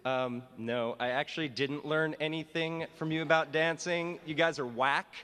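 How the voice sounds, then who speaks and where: A man's voice: on the high side, steady tone, moderate pace, fairly bright tone, long reverb tail, a little hiss or hum. A man, a teacher, giving a humorous commencement address in a wry, self-mocking way. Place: school graduation hall.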